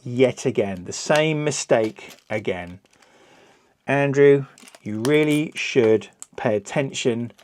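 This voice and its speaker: Brief: middle-aged man, unhurried, rambling self-mocking builder talk. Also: medium pitch, darkish tone. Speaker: LEGO reviewer host. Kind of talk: casual build commentary.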